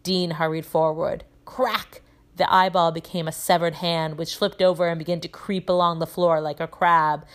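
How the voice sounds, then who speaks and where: A woman teacher reading a children's novel aloud, telling it in a lively way with voices for the characters. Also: lowish voice, normal speed, hardly any pauses.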